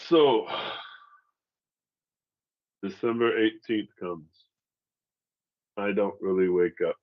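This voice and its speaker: A man's voice: lowish voice, slow, highs cut off. A man in his forties from Seattle, candidly telling his own survival story in casual, profane storytelling, laughing through the hard parts. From Seattle, United States. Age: 40s.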